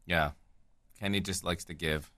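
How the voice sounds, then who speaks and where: A man bantering on a podcast, playing along with a joke in a dry, deadpan way. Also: deep voice, unhurried, dry recording. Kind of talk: casual banter.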